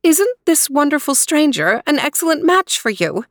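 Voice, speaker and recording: A woman voicing an eager young lady-in-waiting in a high, earnest storybook voice. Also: sing-song, moderate pace, dry recording, studio quality.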